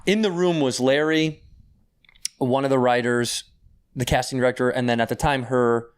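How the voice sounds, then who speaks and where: A man tells a story in casual chat, with a smooth and resonant voice. He is animated, acts out the voices of the people he quotes, and swears freely. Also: mid-range voice, moderate pace. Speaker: podcast guest.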